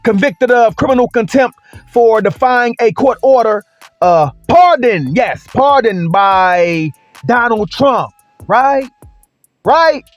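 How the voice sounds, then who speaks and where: A man's voice: very high-pitched, animated, takes it slowly, dry recording, soft background music. A man delivering an opinion commentary rant, sarcastic and full of rhetorical questions and emphatic repetition. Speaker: commentary vlogger.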